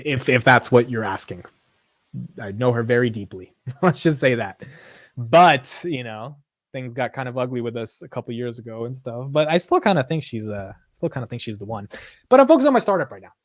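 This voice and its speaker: A man's voice: medium pitch, expressive, fairly quick, no echo, studio quality. A young man hosting a casual late-night livestream, chatting in laid-back slangy banter and laughing often. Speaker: livestream host.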